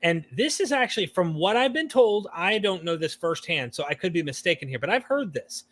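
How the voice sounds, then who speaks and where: A man hosts a relaxed podcast conversation, his voice sitting somewhat high for a man. He reasons aloud, hedges his claims, and lifts his voice when he voices other people's views. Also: a little fast, no echo. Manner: thoughtful, hedging, animated when quoting views. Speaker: podcast host. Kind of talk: casual discussion.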